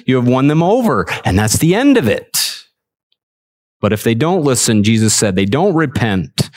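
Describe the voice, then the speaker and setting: Male pastor, mid-pitched voice, earnest sermon delivery, repeats phrases for emphasis. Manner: earnest, repeats words, animated preaching. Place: church service.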